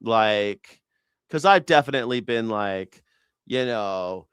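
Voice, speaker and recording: A man hosting a live news reaction show, talking in an animated, profane, rambling way with many restarts. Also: lowish voice, takes it slowly, smooth, no echo. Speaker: host.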